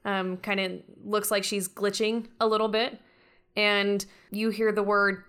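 A woman's voice: medium pitch, flat delivery, unhurried, a bit bright, smooth. Hesitant woman narrating her character. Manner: hesitant, full of ums and likes. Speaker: player. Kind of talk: narrating her character's actions in a tabletop game.

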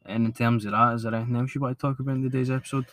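A Scottish man co-hosting a casual football podcast, calmer and agreeable, steering the chat along. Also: mid-range voice, rapid-fire, dry recording. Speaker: podcast co-host.

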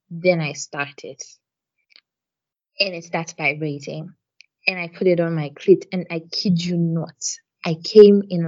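A woman's voice: lowish voice, measured pace, muffled recording. A woman co-hosting a podcast, telling a story in casual chat. She talks frankly, swears often and fills her sentences with "like" and "um". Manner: frank, profane storytelling full of "like" and "um". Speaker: podcast co-host.

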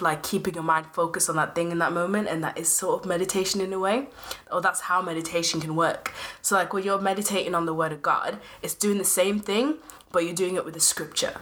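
Young woman, podcast co-host, chatty with fillers, slightly low pitch. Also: a bit bright. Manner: chatty, lots of fillers, playful. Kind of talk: casual faith podcast chat.

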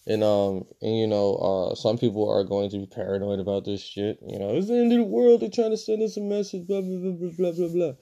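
A man giving a casual, profane movie review, swinging between loud outbursts and low mutters.

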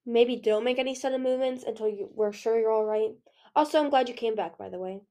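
A woman reading a soft-spoken dragon seer. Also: fairly high pitch, fast, lightly acted. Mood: gentle. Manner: soft and calm. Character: gentle mysterious female dragon seer.

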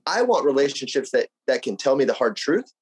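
A man from Arizona, a podcast guest, talking casually with blunt, energetic, profane enthusiasm. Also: mid-range voice, brisk, breathy edge, poor audio. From Arizona, United States. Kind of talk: casual conversation.

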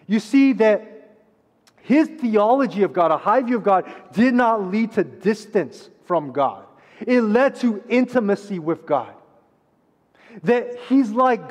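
A pastor preaching a sermon, swinging between loud urgent passages and hushed quiet ones. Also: male voice, high-pitched, lively intonation, unhurried, highs cut off. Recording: long reverb of a large hall.

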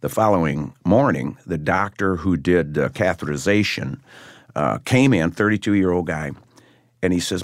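A low-voiced older man from Michigan tells a story as an interview guest. He talks in a lively, animated way, and the recording is dry and close. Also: normal speed, no room sound. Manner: animated storyteller, acts out voices in his anecdotes. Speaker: guest musician.

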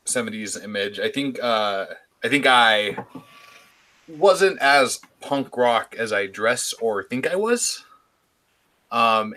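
A man's voice: medium pitch, pushed and bright. A man playing a tabletop roleplaying game, describing his character in a hesitant way with many fillers. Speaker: player. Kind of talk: casual tabletop play.

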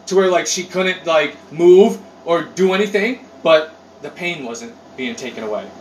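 A man chatting casually on a podcast. He tells rambling stories with lots of swearing and animated outbursts. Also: on the high side, measured pace. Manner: animated, profane, rambling storyteller. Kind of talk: casual chat. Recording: roomy echo, distant mic, faint noise.

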